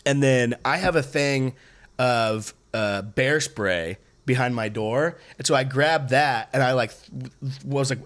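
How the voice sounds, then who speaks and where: Male podcast co-host, mid-pitched, rambling storyteller full of fillers. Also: quick pace, fairly bright tone. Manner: rambling with many fillers and restarts, acts out quotes. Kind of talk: casual chat, storytelling.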